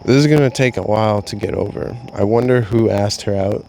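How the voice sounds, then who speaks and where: A man's voice: lowish voice, fairly quick, vocal fry, warm tone, slight background noise. A young man vlogging a candid, rambling confessional monologue, swearing freely as he talks.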